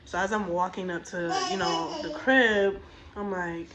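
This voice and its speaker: A woman's voice: lowish voice, unhurried, a crowd in the background, low-quality recording. A young woman telling a storytime tale in a blunt, exasperated, profane way. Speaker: storytime vlogger. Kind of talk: casual storytime rant.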